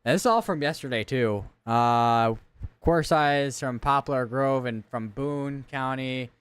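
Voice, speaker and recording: A man's voice: mid-range voice, unhurried, clear, resonant tone, no room sound. A man giving live severe weather coverage, reading out storm reports and town lists and correcting himself as he goes. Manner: thinks aloud, reads town lists, corrects himself often.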